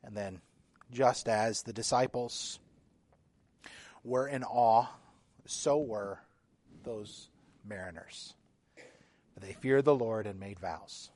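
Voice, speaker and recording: A man preaching a sermon in a measured, emphatic way, his intensity rising and falling. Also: lowish voice, darkish tone.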